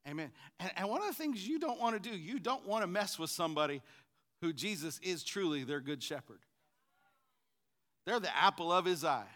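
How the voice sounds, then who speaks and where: A male preacher with a high, bright voice delivers a lively sermon. He calls the congregation to answer him back. He swings between fervent, loud passages and hushed, conversational asides. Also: moderate pace. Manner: call-and-response preaching, swinging from shouts to quiet asides.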